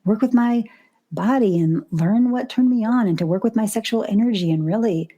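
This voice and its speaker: A woman's voice: on the high side, moderate pace, dark tone, highs cut off. A middle-aged woman, a relationship coach, talking openly and encouragingly as a podcast guest. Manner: open, frank and encouraging. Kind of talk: casual podcast chat.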